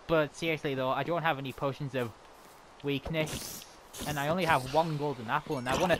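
A man giving excitable, chatty commentary while playing a game. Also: mid-range voice, fairly quick, noisy background. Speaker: gamer. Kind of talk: casual gameplay commentary.

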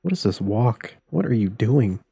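A man's voice: fairly low pitch, big pitch swings, normal speed, gravelly, warm tone, husky, dry recording. A man streaming a life-sim game live, joking and swearing his way through the commentary. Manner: playful, profane, laughs often.

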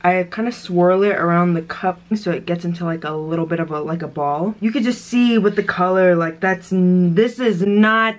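A woman's voice: lowish voice, normal speed, few pauses. Young woman vlogger eating very spicy noodles. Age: young adult. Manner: swearing, gasping and laughing at spicy food. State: in pain from spice, coughing. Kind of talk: casual mukbang chat. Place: dorm room.

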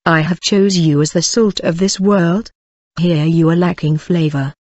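A speaker solemnly reading a prophetic message aloud in a measured, declaiming way. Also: mid-range voice, steady tone, a little mellow, no echo. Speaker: reader of a prophecy. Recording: dull, dry lo-fi recording.

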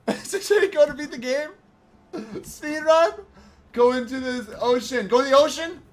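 A young man streaming games, commenting live in a jokey, excitable way and often shouting at the screen. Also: very high-pitched, measured pace.

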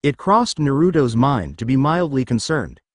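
A man's voice: medium pitch, sing-song, moderate pace, no echo, studio quality. A man narrating a fan story in a dramatic, scripted reading.

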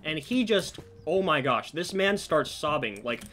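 A man's voice: a little high, unhurried, slight background noise. A man telling a story in casual commentary over his own gameplay, breaking off for asides about the match. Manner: storytelling while playing, animated asides. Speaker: gaming commentator.

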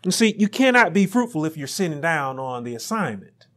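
A man preaching a sermon as pastor, building to emphatic peaks and dropping to quiet asides. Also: on the high side, big pitch swings, a little fast.

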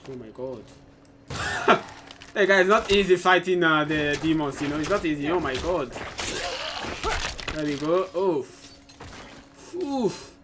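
A man hosting a gaming channel, giving excitable live gameplay commentary with frequent exclamations and repeated phrases. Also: a little high, measured pace, long pauses, noisy background. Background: game music.

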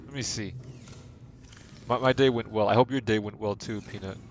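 A man's voice: on the low side, steady tone, moderate pace, a little hiss or hum. A young man streaming a video game live, chatting to his viewers in a rambling, playful, self-deprecating way. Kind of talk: casual live-stream chat while gaming. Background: game music.

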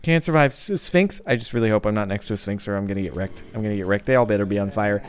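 A young man giving jokey, excitable let's-play commentary, breaking into yelps and sing-song chants. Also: fairly low pitch, fast, smooth. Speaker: gaming YouTuber.

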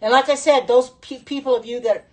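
A middle-aged woman runs a casual phone livestream from her home kitchen, chatting as she cooks. Her voice is high and steady, brisk and a little mellow, and she reacts aloud to viewer comments with frequent exclamations.

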